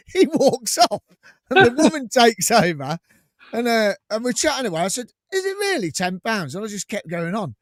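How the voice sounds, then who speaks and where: A man's voice: high voice, moderate pace, no echo. A man co-hosting a fan podcast, telling anecdotes and acting out the dialogue with laughter. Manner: animated storyteller acting out dialogue, laughing often. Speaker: podcast co-host.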